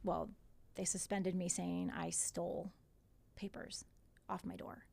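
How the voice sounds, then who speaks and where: Gravelly-voiced woman telling a story. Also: on the low side, slow pace. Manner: animated retelling with quoted dialogue and swearing. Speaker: podcast guest, teacher. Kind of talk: casual storytelling in conversation.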